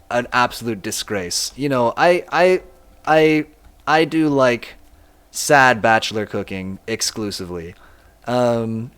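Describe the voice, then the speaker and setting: A man's voice: mid-range voice, clean tone. A young man streaming a game and chatting with his viewers, talking casually, self-deprecating and laughing often. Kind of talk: casual live-stream chat, reading chat aloud.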